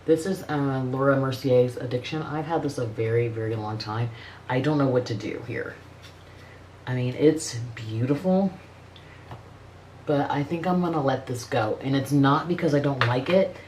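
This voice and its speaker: A woman's voice: a bass voice, moderate pace, darkish tone, slight background noise. A middle-aged woman chatting casually as a beauty vlogger, blunt and profane, rambling with frequent restarts. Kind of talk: casual makeup review chat.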